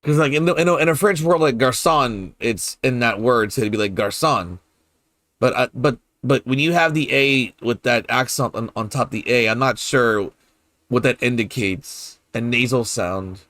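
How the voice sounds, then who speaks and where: A man's voice: medium pitch, normal speed, a bit bright, dry recording. A man streaming a game and chatting casually with his viewers, puzzling aloud over pronunciations, hesitant and repeating his words, curious and playful. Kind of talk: casual chat with viewers while gaming.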